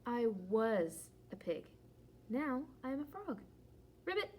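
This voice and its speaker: Cheerful reassuring storybook pig, voiced by a woman; bright high voice. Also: slow, a little hiss or hum. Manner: calm, patient, reassuring. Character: cheerful playful female pig. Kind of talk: children's storybook read-aloud.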